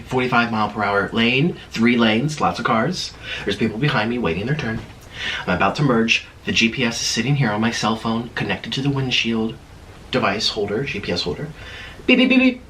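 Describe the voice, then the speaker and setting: A man's voice: mid-range voice, brisk, fairly bright tone, slight background noise. A man hosting an eating vlog, chatting through a dramatic story between mouthfuls. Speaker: vlogger.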